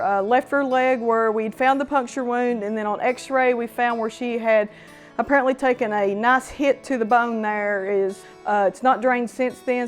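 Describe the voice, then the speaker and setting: A woman caring for rescued horses, calmly explaining a foal's treatment in a plain, practical way. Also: on the high side. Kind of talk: explaining horse care on camera.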